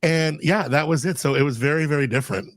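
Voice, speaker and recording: A man hosts a relaxed podcast conversation, telling his stories in a chatty, animated way. His voice sits a little higher than most men's. It is recorded close and dry, with almost no room sound. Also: fast, no echo. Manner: chatty, animated storytelling with quoted dialogue. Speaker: podcast host. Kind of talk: casual podcast interview.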